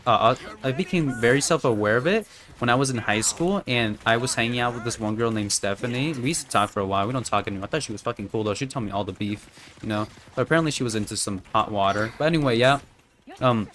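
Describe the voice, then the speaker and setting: A man's voice: mid-range voice, fairly bright tone. Brief: young male streamer at home, casual, profane, rambling, mid-range voice. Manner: rambling, profane, full of "right?" and "you know". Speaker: game streamer. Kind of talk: casual chat while gaming on stream.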